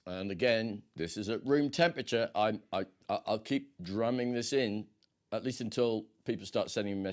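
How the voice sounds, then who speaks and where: A man's voice: lowish voice, moderate pace. A man hosting a casual quiz, rambling along with many hesitations and fillers. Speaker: quiz host.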